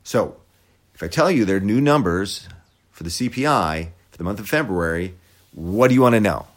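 A man's voice: on the low side, animated, moderate pace. A man hosting a podcast, giving sarcastic, profane commentary. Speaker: podcast host. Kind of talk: opinionated commentary.

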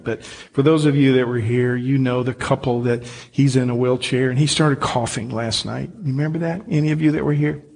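Pastor guy preaching on christmas morning, husky voice, earnest and gentle, lots of soft pauses. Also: medium pitch. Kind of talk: Christmas sermon and closing prayer. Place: church sanctuary with congregation.

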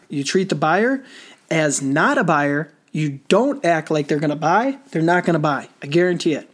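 An energetic man coaching contractors on sales, talking in short, repeated punchy phrases. His voice sits somewhat higher than most men's. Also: normal speed. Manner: energetic, repetitive, conversational. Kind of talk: motivational talk.

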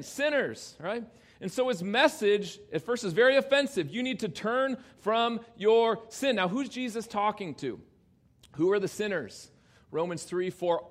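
A man preaching a sermon as a pastor, talking emphatically and swinging between loud exclamations and quiet low asides. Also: expressive, normal speed. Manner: addresses children in the congregation directly.

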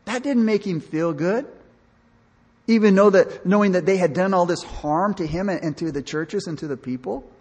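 Recorded in a church hall with long, large-hall reverb, a pastor delivers a heartfelt, emotional sermon. He frequently restarts his phrases and performs the dialogue of the people in his stories. He speaks at a normal speed in a high, husky voice that's a little mellow.

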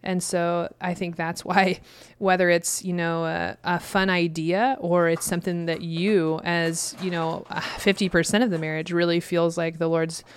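A woman's voice: on the low side, flat delivery, unhurried, hardly any pauses, clean tone. A woman in her thirties co-hosting a casual scripture chat, offering encouraging advice with emphatic repetition and easy laughter. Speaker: co-host.

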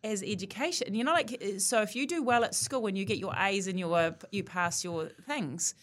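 A woman's voice: mid-range voice, normal speed, fairly bright tone. A woman, co-hosting a casual podcast chat. She speaks emphatically and presses with probing questions.

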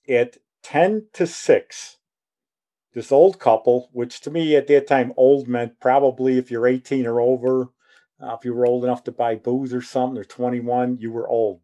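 A man's voice: mid-range voice, dark tone. A man in his sixties telling a rambling personal story, acting out the dialogue as he goes.

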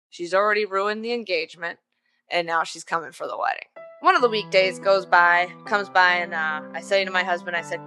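A woman, likely in her thirties, hosting a podcast and telling a personal story in a chatty, animated way with joking asides. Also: fairly low pitch. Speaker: podcast host.

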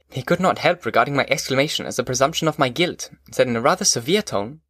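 A man narrating a classic novel as an audiobook in a measured, formal reading. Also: medium pitch, expressive, a bit bright, dry recording, clean studio sound.

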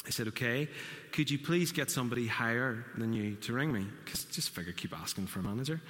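A man's voice: medium pitch, lively intonation, brisk, a bit bright. A man preaching a sermon, telling a story and acting out the quotes. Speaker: pastor. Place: church hall. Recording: church hall reverb.

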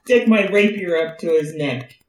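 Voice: mid-range voice, moderate pace. A player in a tabletop game, speaking plainly and hesitantly. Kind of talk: casual tabletop play. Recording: distant echoey room, faint noise.

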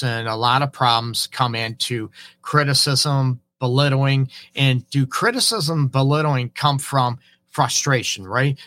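A middle-aged man, a relationship counselor, hosting an advice talk while hoarse from a cold, earnestly checking in with his listeners. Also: medium pitch, fairly bright tone. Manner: earnest, keeps asking "right?" and "okay?". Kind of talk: live-streamed advice talk.

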